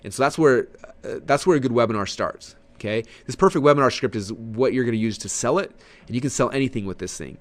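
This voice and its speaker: A man teaching marketing in a casual, energetic way, swinging his voice up and down, with many fillers and repeated words. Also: quick pace. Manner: energetic, animated, swings pitch up and down. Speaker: webinar trainer.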